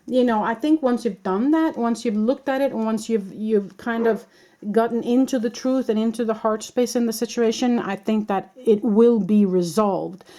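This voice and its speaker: A woman giving a tarot reading to her viewers, talking in a reassuring, meandering way with many pauses. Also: on the high side, mellow. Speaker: tarot reader.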